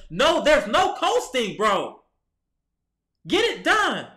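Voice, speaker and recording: A man's voice: very high-pitched, wildly swooping pitch, takes it slowly, long pauses, sharp tone, reverberant. A man, giving a heated, exasperated fan rant about his team's loss, talking straight to the players. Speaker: sports vlogger. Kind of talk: ranting fan commentary. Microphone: camera mic.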